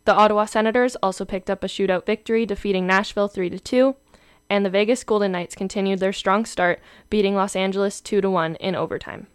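A woman's voice: medium pitch, quick pace, no echo, clean studio sound. A young woman, reading scripted sports headlines as host of a campus show. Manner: clear, steady read with the odd filler.

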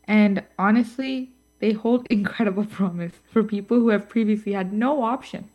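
A woman co-hosts a scripted podcast segment, reading her lines in a middle-pitched voice. She stumbles now and then, fills pauses with ums and drops in playful asides. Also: muffled recording. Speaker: co-host. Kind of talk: scripted podcast chat on voice technology.

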